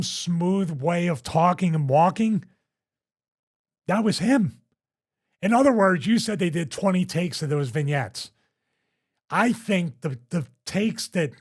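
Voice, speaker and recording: A man hosting a wrestling podcast, telling backstage stories in casual chat with lots of restarts. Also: high-pitched. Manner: rambling, animated storyteller with frequent restarts.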